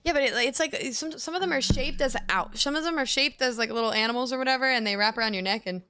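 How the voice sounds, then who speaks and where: A woman's voice: on the high side, fast, bright, forceful tone, smooth, soft background music. Woman streamer goofing around mid-game, chatty and playful, talking into her desk mic. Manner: playful, joking, chatty with friends. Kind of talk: casual livestream chat while gaming.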